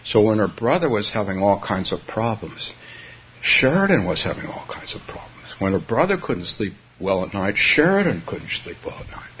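A man's voice: lowish voice, sing-song, moderate pace, slight background noise. A man from California giving a Zen dharma talk, musing aloud with frequent chuckles and restarts. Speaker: Zen teacher. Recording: dull lo-fi recording.

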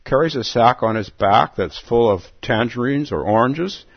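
A man giving a relaxed dharma talk as a Zen teacher, chuckling often and repeating words as he goes. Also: medium pitch, moderate pace, husky, no echo. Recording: dull lo-fi dry recording.

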